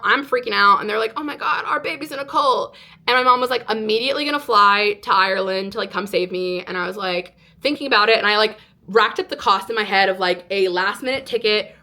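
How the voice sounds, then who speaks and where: A woman in her twenties from California, telling a personal story to camera in a casual, animated way with lots of "like". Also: medium pitch. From California, United States. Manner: animated, exaggerated retelling with frequent "like". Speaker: vlogger. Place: indoors, sit-down filming.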